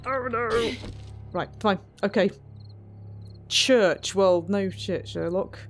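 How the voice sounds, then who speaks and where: A woman's voice: mid-range voice, unhurried, soft background music. A woman hosting a let's play, commenting on her own game in a chatty, self-mocking way with frequent giggles. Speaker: gaming channel host.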